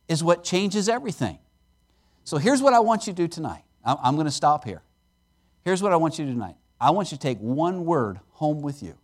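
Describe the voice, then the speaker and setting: A male preacher with a notably high voice delivers a sermon in an animated, conversational way. His pitch swings widely as he stresses key words, then drops into playful asides to the congregation. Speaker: guest preacher at a missions conference. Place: church service.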